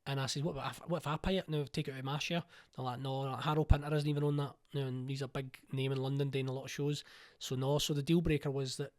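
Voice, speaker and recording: Glaswegian male, 40s, rapid and keen, rambling interview guest. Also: mid-range voice, fairly even intonation, a little mellow. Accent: Glaswegian Scottish. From Scotland. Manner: fast, eager, rambling with restarts. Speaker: playwright and producer, interview guest. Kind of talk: casual interview chat.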